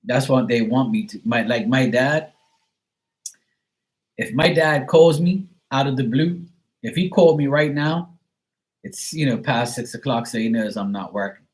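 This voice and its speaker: A man's voice: medium pitch, unhurried, low-quality recording. A man hosting a live stream, chatting casually in a sarcastic, rambling way and swearing now and then. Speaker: live stream host reading chat. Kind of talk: casual chat.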